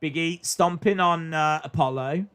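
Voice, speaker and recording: A man's voice: a little high, unhurried, fairly bright tone, smooth. A man hosting a live stream, chatting casually as he reacts to a wrestling show and reads viewer comments aloud.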